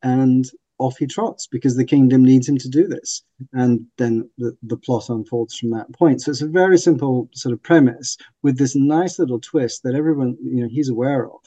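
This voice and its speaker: A man's voice: medium pitch, moderate pace, warm tone, no echo, muffled recording. A man hosting a casual book discussion, speaking enthusiastically and laughing often. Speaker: podcast host and book reviewer.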